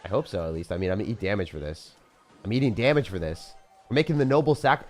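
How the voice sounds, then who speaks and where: A man giving live gameplay commentary as a streamer, casual and jokey, with sudden loud excited outbursts. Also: deep voice, fast talker, faint music behind. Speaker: game streamer.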